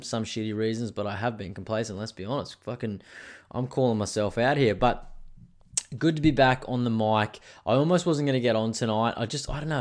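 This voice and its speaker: A rambling man hosting his own podcast alone. He chats casually, drifts from thought to thought and swears freely. He jokes at his own expense. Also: medium pitch. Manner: rambling, swears often, self-mocking. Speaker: podcast host. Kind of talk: casual solo podcast chat.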